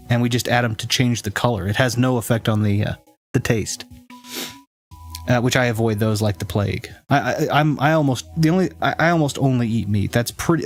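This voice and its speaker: A man with a fairly neutral American accent, streaming a game and chatting casually with viewers in a rambling, self-correcting way. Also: mid-range voice. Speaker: let's play streamer. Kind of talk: casual chat with viewers while gaming.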